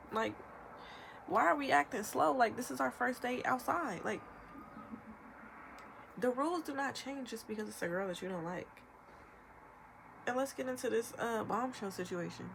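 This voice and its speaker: Young woman, ranting vlog, animated, medium pitch, noisy recording. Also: gravelly. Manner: emphatic, rapid-fire, animated with imitated quotes. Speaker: vlogger. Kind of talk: ranting commentary.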